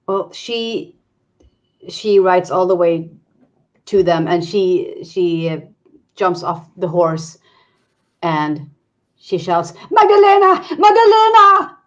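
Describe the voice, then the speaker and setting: A woman's voice: lowish voice, fairly even intonation, slow, pauses often, a little mellow. A woman player describing her character's actions in a tabletop game, on dull lo-fi audio.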